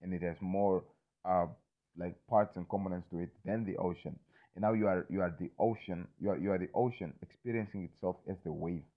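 This fairly quick, low-pitched male speaker keeps his intonation fairly even as he rambles casually, circling back over the same points and cursing without restraint. He repeatedly checks in with "you understand me?", and the audio sounds thin, as if over a phone.

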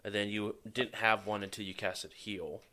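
Man, game master, tabletop role-play narration, bright tone, slightly low voice, teasing. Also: level tone, moderate pace, slight background noise. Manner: laughs often, teasing.

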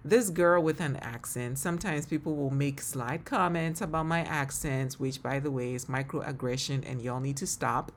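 A woman with a Ghanaian accent speaks on her solo faith podcast in a low, full voice. Her talk is earnest and heartfelt, and she laughs often as she reflects. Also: moderate pace, hardly any pauses, slight background noise. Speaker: podcast host and ministry leader.

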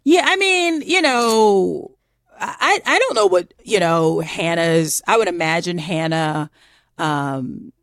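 A woman with a Southern US accent, co-hosting a podcast and telling a story in a chatty, animated way with many fillers. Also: lowish voice, slow, no echo, studio quality. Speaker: podcast co-host. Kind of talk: casual storytelling chat.

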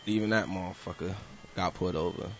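Deep gravelly male guest. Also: fairly even intonation, a little hiss or hum. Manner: rambling, halting, repeats words. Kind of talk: casual chat. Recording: dull lo-fi sound with faint music.

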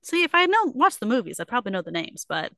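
A young adult woman co-hosting a casual book club podcast, retelling a story with lots of fillers and quick put-on quotes. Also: a little high, big pitch swings, creaky, bright, forceful tone, dry recording. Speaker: podcast co-host.

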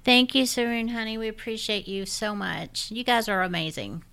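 A woman's voice: fairly high pitch, moderate pace, creaky, a bit bright, smooth. A woman co-hosting a podcast, chatting cheerfully and affectionately with listeners. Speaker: podcast co-host. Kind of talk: casual chat.

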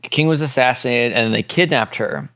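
A man on a casual podcast spins a silly theory in a rambling, halting way, full of fillers. His voice sits at a middle pitch. The audio sounds a little dull. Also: a bit bright. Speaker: podcast co-host. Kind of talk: casual chat.

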